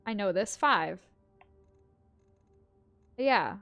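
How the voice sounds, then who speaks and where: A woman's voice: on the high side, lively intonation, moderate pace, fairly bright tone, lo-fi sound, faint music behind. A young woman streaming a video game, thinking aloud in a chatty, self-mocking way. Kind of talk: casual gameplay commentary.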